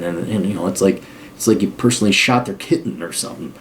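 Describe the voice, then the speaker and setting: A man's voice: on the low side, fast talker, slight background noise. Blunt, sarcastic man giving advice. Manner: blunt, sarcastic, acts out mock quotes. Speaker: podcast host giving advice. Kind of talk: casual advice monologue.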